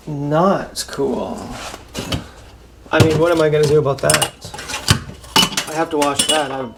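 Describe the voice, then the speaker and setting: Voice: mid-range voice, vocal fry. A vlogger rambling through a casual, unsure, sighing monologue while washing dishes at home. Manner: unsure, sighing, halting delivery. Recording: loud kitchen noise from dishes and tap. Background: running tap and clattering dishes.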